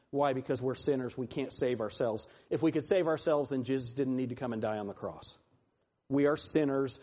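A man preaching a sermon, swinging from loud, pleading lines to hushed, quiet ones. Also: medium pitch. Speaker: pastor.

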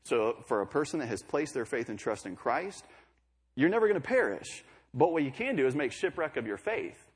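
A man's voice: medium pitch, big pitch swings, brisk, husky. A young man preaching a sermon in a conversational way, with joking asides between scripture readings.

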